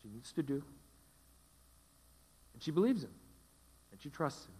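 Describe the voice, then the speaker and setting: A male pastor preaching a sermon, repeating key phrases with emphatic, dramatic pauses. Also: a little high, very animated, a little mellow, husky, big-room sound.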